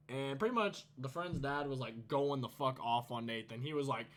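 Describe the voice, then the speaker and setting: A man's voice: mid-range voice, normal speed, hardly any pauses, fairly bright tone. A teenage man telling a storytime vlog, casual and profane, rambling and laughing. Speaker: YouTuber.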